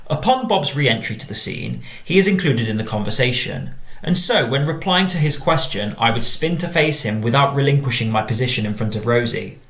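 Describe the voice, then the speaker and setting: A man with an English accent, a drama teacher reading out and explaining model exam answers in a measured tone. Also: medium pitch, a bit bright. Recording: echoey room.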